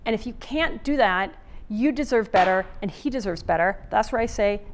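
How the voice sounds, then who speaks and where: A woman's voice: mid-range voice, expressive, moderate pace, a little hiss or hum. Chatty woman giving a relationship talk. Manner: chatty, many fillers and restarts. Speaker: relationship author and speaker. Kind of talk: summit talk, casual and conversational.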